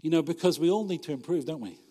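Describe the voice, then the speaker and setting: A man's voice: a little high, quick pace, dark tone, long reverb tail. A man, a pastor, preaching a sermon in a conversational, humorous way, often asking his listeners rhetorical questions.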